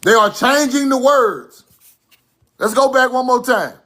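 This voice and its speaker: Slow, emphatic man lecturing over slides. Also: very high voice, fairly bright tone. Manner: emphatic, repeats points, directs slides.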